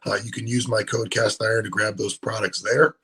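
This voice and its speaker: A male bodybuilding coach answers questions in a low, husky voice. He talks in a laid-back, halting way, often restarting his sentences. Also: poor audio. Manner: relaxed, hesitant, many ums and restarts. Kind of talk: casual interview answers.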